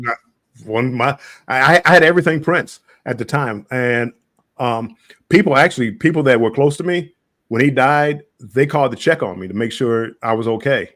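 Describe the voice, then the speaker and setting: A man's voice: medium pitch, a bit bright, no echo, clean studio sound. An American man telling travel stories in a casual livestream chat, often repeating his words as he starts. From United States. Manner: halting, repeats words, chuckling storyteller. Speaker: guest.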